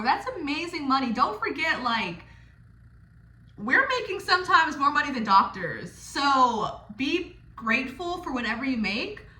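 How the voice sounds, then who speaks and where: A young woman who works as a stripper gives other dancers casual, blunt, playful advice straight to camera, swearing freely. Her voice sits high, bright and forceful, in an echoey room.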